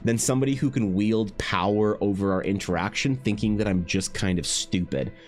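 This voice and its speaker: A man's voice: fairly low pitch, fairly quick. A man from Canada, chatting casually on his art livestream and rambling through a profane anecdote full of restarts. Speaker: artist streaming while drawing. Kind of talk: casual live-stream chat.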